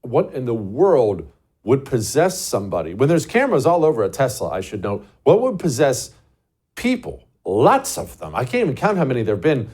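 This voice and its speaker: A man's voice: medium pitch, huge pitch swings, normal speed, darkish tone, husky. A man hosting a show, delivering a scornful, emphatic political commentary monologue full of rhetorical questions. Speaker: show host.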